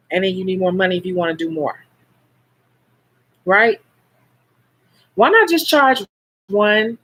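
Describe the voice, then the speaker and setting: A woman's voice: mid-range voice, fairly bright tone. A woman with a Chicago accent hosting a casual live stream as a nail technician, chatting frankly and answering viewer comments.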